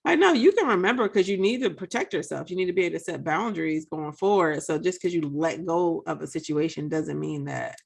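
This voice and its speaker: A woman's voice: sits low, a little fast, gravelly, few pauses, slightly rough. A woman co-hosting a casual discussion, reflective and emphatic, with lots of fillers.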